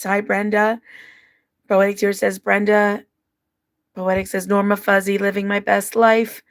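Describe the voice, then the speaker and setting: A woman's voice: medium pitch, vocal fry. A woman hosting a livestream, reading out viewer comments and her own personal letters in an open, emotional way. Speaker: livestream host.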